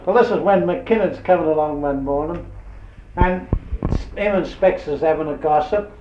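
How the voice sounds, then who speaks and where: A man's voice: a little high, moderate pace. An older man telling rambling, earthy anecdotes in an oral history interview. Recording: dull roomy old tape with hiss.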